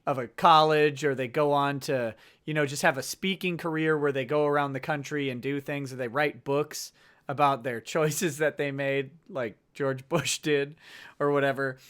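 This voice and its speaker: A man's voice: on the high side, steady tone, moderate pace, a bit bright, clear, resonant tone. A man hosting a casual livestream chat, riffing and laughing often. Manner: chatty, laughs often, riffs on jokes. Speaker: host.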